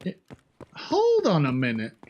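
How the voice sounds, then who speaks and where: A man's voice: on the high side, wildly swooping pitch, unhurried, darkish tone, dull audio. A man chatting casually on a gaming livestream, joking and swearing at opponents while he plays and talking into a headset mic. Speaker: streamer playing a shooter game.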